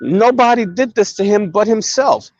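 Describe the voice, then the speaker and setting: A man hosting a casual chat, telling a long story in an animated, profane way. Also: high voice, moderate pace, no echo, muffled recording. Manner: animated, profane, acts out quoted dialogue. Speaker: host.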